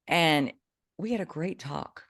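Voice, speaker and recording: A woman co-hosting a podcast, chatting casually and telling an animated story with bursts of excitement. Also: sits low, slow, no echo, studio quality. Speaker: podcast co-host, coach. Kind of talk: casual chat.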